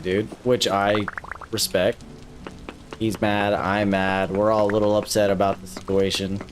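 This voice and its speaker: A man's voice: on the low side, a little hiss or hum. A man streaming a video game live, chatting casually with viewers, swearing often and grumbling in frustration. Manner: profane, frustrated, talks to chat. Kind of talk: casual live gameplay commentary.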